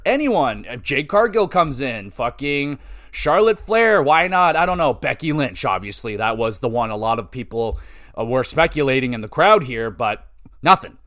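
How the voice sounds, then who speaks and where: A man hosting a podcast, giving a casual solo wrestling review, profane, rambling and excitable. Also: fairly high pitch. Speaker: podcast host.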